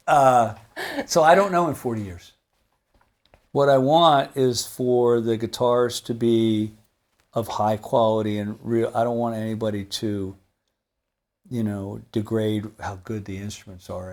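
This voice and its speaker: A man's voice: fairly low pitch, gravelly. A man in his seventies, a guitar maker, talking casually in an interview, rambling and laughing as he tells stories. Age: 70s. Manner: rambling, animated, laughs while telling stories. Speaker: guitar maker and company founder.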